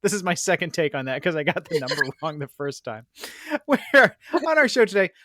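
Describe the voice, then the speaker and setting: A man's voice: fairly high pitch, very animated, fairly quick, sharp tone, dry recording. A male radio co-host doing comedic banter in a studio, playful and laughing at his own slips.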